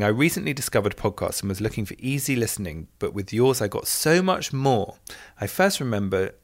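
Playful male co-host reading listener letters in a lower register, dry close mic. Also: no room sound. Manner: playful, reads letters aloud with asides. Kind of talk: casual podcast chat.

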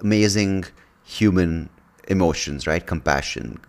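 Low-voiced animated male host. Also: measured pace. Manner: animated, laughs often, many restarts. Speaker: podcast host. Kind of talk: conversational interview.

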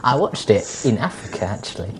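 Low-voiced woman, dry jokey co-host. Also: big pitch swings, brisk, a little hiss or hum. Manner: dry, jokey, self-mocking. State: sleep-deprived. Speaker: podcast co-host. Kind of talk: casual chat.

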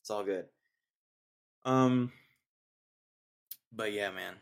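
A man's voice: fairly low pitch, drawn-out words, gravelly. A young man hosting his own podcast, rambling casually in a laid-back way about everyday annoyances. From Texas. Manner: rambling, laid-back, says dude a lot. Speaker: podcast host. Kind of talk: solo casual rant.

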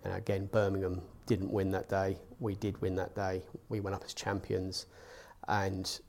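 A man, a football fan, recalling a favourite match in a steady, measured way with pauses. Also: sits low. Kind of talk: reflective recollection.

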